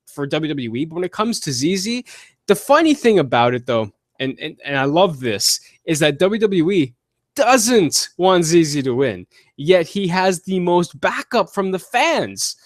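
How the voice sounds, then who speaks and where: A man hosting a casual podcast, answering listener questions with blunt, profane and animated opinions. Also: fairly high pitch, no room sound, clean studio sound. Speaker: podcast host. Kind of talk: casual wrestling podcast chat.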